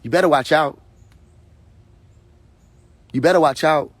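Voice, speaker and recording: A man ranting on a live stream from his phone, his voice a little high and husky. He talks in a confrontational, preachy way and keeps repeating phrases. The sound is dry and close. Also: unhurried, no echo. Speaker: livestream host. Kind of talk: heated casual rant on a live stream.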